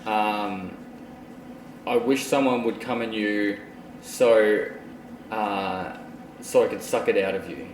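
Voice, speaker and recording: A man's voice: on the low side, steady tone, slow, pauses often, a little hiss or hum. A man, the host, chatting casually in an easygoing way and laughing often. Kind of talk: casual banter. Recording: roomy echo.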